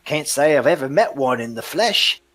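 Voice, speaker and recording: Man doing a high, brash river smuggler; cocky and evasive; tabletop game. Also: expressive, moderate pace, a bit bright, close to an everyday voice. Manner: boisterous, cocky, wheedling. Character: rough scheming male river smuggler leader.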